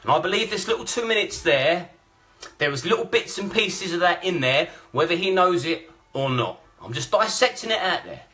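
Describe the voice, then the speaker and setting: A man's voice: sits high, expressive, moderate pace, bright, forceful tone. A blunt, combative man, ranting and swearing through live-stream commentary. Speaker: vlogger.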